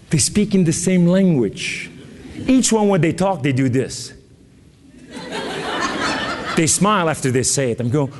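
Impassioned preacher in a hall. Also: male voice, fairly high pitch, lively intonation, noisy background. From Lebanon. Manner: emphatic, with sudden rises and dramatic pauses. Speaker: guest preacher. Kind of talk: impassioned testimony sermon.

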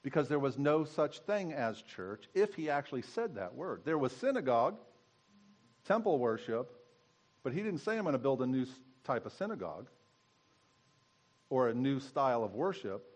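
A man's voice: mid-range voice, sing-song, moderate pace. A man giving a conversational sermon as pastor, teaching and asking his congregation questions.

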